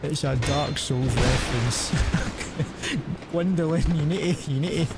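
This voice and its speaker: Slow-talking young man streamer. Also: a little high, gravelly, over loud music. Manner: rambling, swearing, laughs a lot. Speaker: game streamer. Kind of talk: casual commentary over gameplay. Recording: noisy background.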